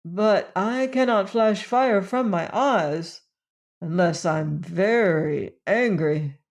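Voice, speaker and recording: A woman's voice: medium pitch, slow, a little mellow. A woman voicing a boastful but harmless male beast in an audiobook, proud and easily offended. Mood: earnest. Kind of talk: audiobook character voice.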